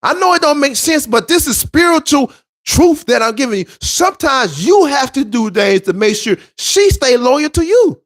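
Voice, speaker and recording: Brief: high-voiced man, relationship-advice monologue, preachy, emphatic, lively swings. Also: normal speed. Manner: emphatic, repetitive, street-preacher cadence.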